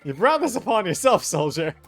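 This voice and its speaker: A woman's voice: medium pitch, sing-song, a little fast, music in the background. A woman in a casual group voice chat, teasing her friends with sarcastic, playful jabs.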